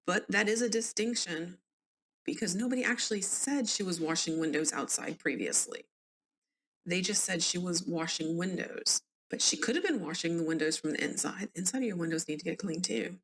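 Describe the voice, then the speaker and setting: A woman's voice: fairly low pitch, a bit bright. Chatty Southern woman hosting a true-crime reading. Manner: chatty, conversational asides to listeners. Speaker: podcast host.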